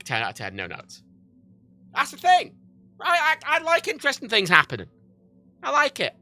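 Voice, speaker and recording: A man's voice: high-pitched, huge pitch swings, fast, creaky, pushed and bright. A man livestreaming from home, chatting in a rambling, profane way and often cutting himself off. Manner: rambling, profane, self-interrupting. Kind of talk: casual rambling chat.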